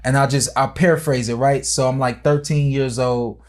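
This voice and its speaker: A man's voice: medium pitch, fairly even intonation, normal speed. A man hosting a podcast in casual chat, a former boxer telling stories earnestly and with animation.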